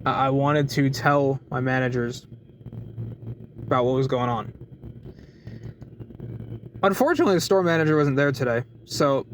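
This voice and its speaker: A man telling a work story in a casual, animated vlog, with many restarts and short laughs. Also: mid-range voice, moderate pace, pauses often, a little hiss or hum, poor audio. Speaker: deli worker venting in a vlog. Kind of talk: casual chat.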